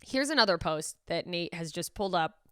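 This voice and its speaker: A woman's voice: on the low side, brisk, smooth, dry recording. A woman comedian hosting a podcast in casual, incredulous chat, riffing and swearing freely into a close mic. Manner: animated, profane, incredulous riffing.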